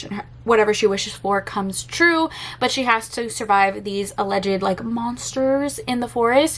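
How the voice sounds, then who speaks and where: A woman's voice: a little high, a bit bright. A young woman vlogging as a book reviewer, chatty and gushing, with some casual swearing. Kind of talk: casual vlog chat. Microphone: camera.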